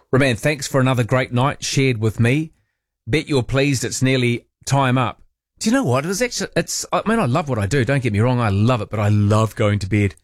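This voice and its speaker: A man's voice: medium pitch, brisk, no room sound, clean studio sound. A man with a New Zealand accent hosting overnight talk radio, chatting and telling rambling stories between listener messages. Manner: chatty, rambling storyteller with animated asides. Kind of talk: late-night talkback, reading listener texts. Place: radio studio. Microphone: studio microphone.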